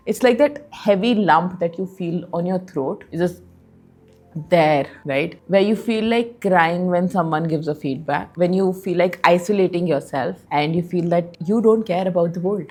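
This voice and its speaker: A woman's voice: mid-range voice, darkish tone. A young woman with an Indian English accent talks candidly to camera about emotions, now and then slipping into Hindi phrases. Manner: candid, conversational, slips into Hindi. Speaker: self-help video host. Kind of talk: casual talk to camera.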